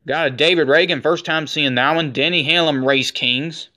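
A man in his forties narrating a card-pack opening in casual commentary, rattling off names one after another and saying he is shaking with excitement. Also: a little high, normal speed. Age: 40s. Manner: rattles off names in a running list. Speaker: card collector opening packs.

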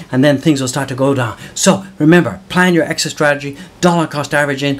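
Hyped, whooping man hosting market commentary. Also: fairly high pitch. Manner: hyped, exclamatory, whooping, calls viewers guys. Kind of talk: excited solo market commentary.

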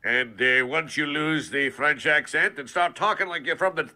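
A man speaking as a voice-actor guest in a relaxed interview, with a bright, ringing voice that sits a little high for a man. He speaks animatedly, laughs often and keeps slipping into character voices. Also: normal speed, few pauses. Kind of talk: casual interview.

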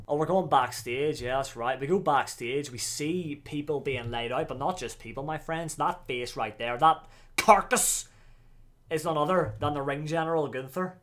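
A man giving excitable, slangy commentary while reacting to a wrestling video. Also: on the high side.

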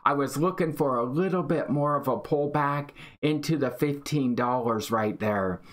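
A man hosting a live day-trading stream, excitedly reading out chat and calling trades. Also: medium pitch, moderate pace. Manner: excited, hyped, reads chat aloud. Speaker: day-trading livestream host.

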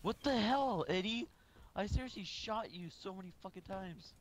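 A young man chatting casually with friends while gaming, loud, excitable and quick to swear and laugh. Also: high voice. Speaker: gamer. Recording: noisy game-chat recording.

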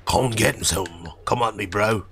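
A man doing a deliberately bad impression of a swaggering British action hero, taunting enemies with a put-on British accent. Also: on the low side, background noise. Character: mock tough-guy British male action hero.

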